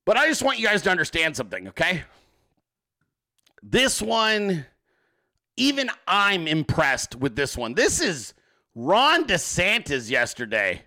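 A male host gives profane, comedic political commentary, talking in an animated way and often breaking into laughter. His voice sits high and swings widely in pitch. It has a gravelly, bright edge. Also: measured pace.

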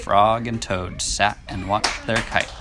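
A woman reading a children's storybook aloud to a child in a gentle, unhurried way. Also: rumbling low, steady tone, music in the background.

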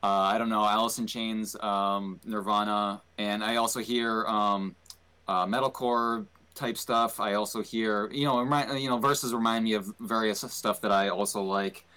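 Hesitant low-voiced man, bright tone. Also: steady tone, clear, resonant tone. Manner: hesitant, halting, many restarts. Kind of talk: casual podcast chat.

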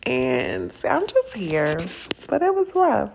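A woman's voice: medium pitch, wildly swooping pitch, slow pace, creaky, a little mellow, a little hiss or hum. A young woman hosting a podcast, talking candidly and casually with profanity and frequent laughter. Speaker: podcast host. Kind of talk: casual personal monologue.

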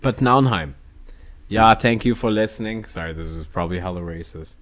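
A man's voice: sits low, quick pace, a crowd in the background. A young man co-hosting a podcast in casual chat, rambling and sarcastic, swearing freely. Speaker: podcast co-host.

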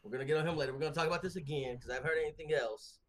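A man co-hosting a casual wrestling podcast over a remote call, talking in a rambling, slangy, animated way and laughing often. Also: on the high side, rapid-fire. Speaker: podcast co-host. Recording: remote call with glitchy connection.

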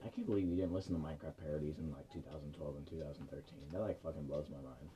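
A man's voice: extremely low pitch, steady tone, racing, hardly any pauses, dull audio. A man in his twenties on a podcast, chatting casually and profanely while playing a game and joking around. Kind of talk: casual chat while gaming.

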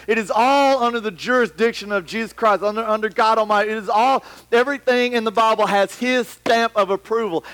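A man preaching a sermon to a congregation in a church hall, animated and rambling, acting out scenes as he goes. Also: high-pitched. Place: church hall with about a hundred people. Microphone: microphone.

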